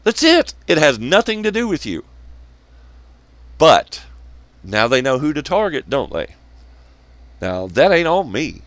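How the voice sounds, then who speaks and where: A man's voice: fairly high pitch, very animated, measured pace, pauses often, a bit bright, dry recording. A man hosting his own channel, delivering a profane, sarcastic ranting monologue and mocking others in scornful quotes. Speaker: channel host.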